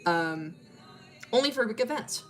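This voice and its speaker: A woman's voice: a little high, animated, unhurried, a bit bright, soft background music. A woman streamer casually retelling a story, rambling and swearing, with lots of fillers and slang.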